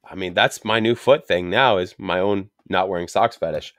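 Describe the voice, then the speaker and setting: A young man with a lowish voice hosts a laid-back cigar podcast, cracking crude jokes and rambling through stories. The sound is dry and close. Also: moderate pace, a bit bright, no room sound. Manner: crude, joking, rambling storyteller. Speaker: podcast host. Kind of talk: casual cigar podcast chat.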